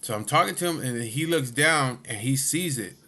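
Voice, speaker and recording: A man's voice: medium pitch, lively intonation, a little fast, pushed and bright. A man telling a personal story in a casual, profane way, full of swearing and filler asides.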